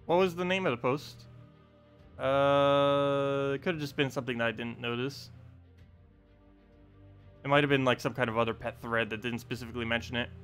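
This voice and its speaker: A man's voice: medium pitch, steady tone, normal speed, long pauses, fairly bright tone, smooth, soft background music. A young man streaming a video game, chatty and self-deprecating, laughing often. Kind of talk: casual live-stream commentary.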